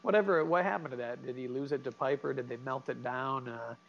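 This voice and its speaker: A man's voice: medium pitch, creaky, lo-fi sound. A man co-hosting a casual chat, joking around and asking questions. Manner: joking, asks questions, quick asides. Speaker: podcast co-host.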